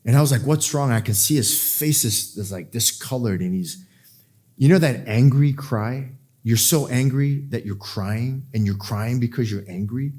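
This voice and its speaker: A man preaching a verse-by-verse sermon, acting out the people in the scripture with sudden jumps in pitch and dropping to a hushed voice at tender points. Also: moderate pace. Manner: drops to a soft, hushed voice for emotional moments. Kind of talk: expository sermon.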